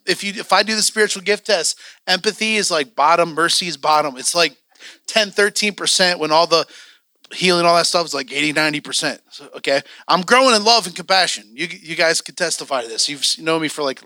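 A man's voice: a little high, sharp tone, no room sound, clean studio sound. A man teaching a church training class, candid and joking, acting out the voices he quotes.

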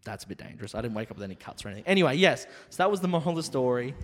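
A man on a podcast, telling a drunken travel story in a lively way, swearing a lot and acting out the other people's voices. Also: mid-range voice, rapid-fire, big-room sound, background noise. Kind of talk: casual storytelling.

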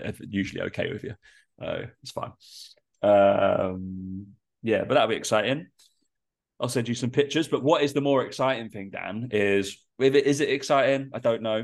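A man with a nasal, congested voice, a personal trainer chatting casually on a podcast in a rambling way full of fillers. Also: on the low side.

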